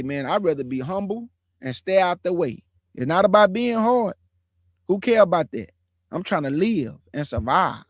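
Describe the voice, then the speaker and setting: A man's voice: a little high, no room sound, studio quality. A man in his forties giving a casual testimony to his online audience, preachy and emphatic, repeating phrases in slangy street talk. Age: 40s. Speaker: streamer.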